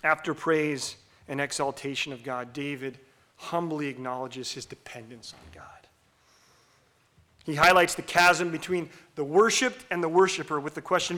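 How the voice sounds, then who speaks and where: Middle-aged male pastor, bright, fairly high voice, dynamic sermon delivery from hush to shout, leads congregation participation. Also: moderate pace. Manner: animated, swings between loud bursts and hushed whispers; leads the congregation in call-and-response.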